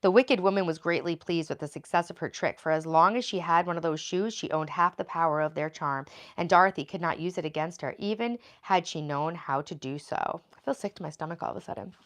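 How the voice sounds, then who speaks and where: A woman's voice: low-pitched, a little fast, hardly any pauses. Chatty woman reading on a livestream. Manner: chatty, rambling asides with fillers. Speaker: livestream host.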